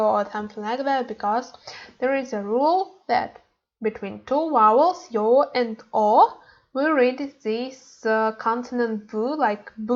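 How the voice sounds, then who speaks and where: A woman's voice: fairly high pitch, measured pace, muffled recording. A woman teaching a Korean language lesson online, speaking hesitantly with many fillers and repeating words for practice.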